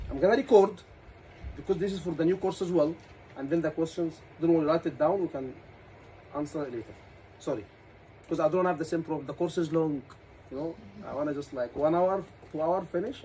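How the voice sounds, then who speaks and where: A man's voice: on the high side, brisk, darkish tone, a little hiss or hum, rough recording. A man with an Egyptian accent teaching a class as an exam tutor, asking questions and repeating key words.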